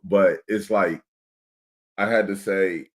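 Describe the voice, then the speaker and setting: A man with a lowish voice co-hosting a relaxed livestream with his partner. He talks passionately and emphatically, swearing freely and laughing often. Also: slow. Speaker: co-host of a couple's livestream. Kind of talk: casual livestream chat.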